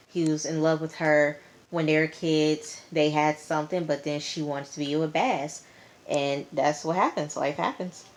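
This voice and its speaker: Low-voiced woman recapping a TV episode. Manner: chatty, slangy, emphatic, with frequent fillers. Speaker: TV show reviewer.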